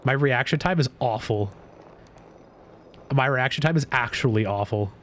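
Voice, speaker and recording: A man streaming live, chatting casually while gaming, boastful and excitable, swearing freely. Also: medium pitch, moderate pace, a little hiss or hum.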